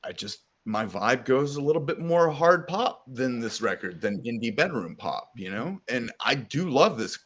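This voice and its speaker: A man's voice: mid-range voice, big pitch swings, moderate pace, hardly any pauses, a bit bright. A man in casual podcast chat makes his case with emphasis, swearing freely. He keeps calling the others dude and man. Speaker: podcast co-host.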